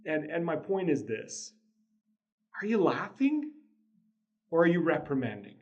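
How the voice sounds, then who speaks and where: A man's voice: sits high, a little mellow, muffled recording. A man hosting a casual motivational talk on parenting, telling a family story in an earnest way with chuckles and frequent restarts. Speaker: podcast host, father.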